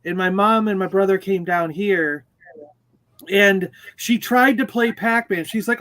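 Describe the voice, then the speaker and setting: A man's voice: high-pitched, steady tone, a little slow, a bit bright, poor audio. A man in his fifties hosting a livestream video chat, telling stories and laughing often. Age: 50s. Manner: chatty storyteller, laughs often. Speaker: livestream host. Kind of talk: casual group video chat.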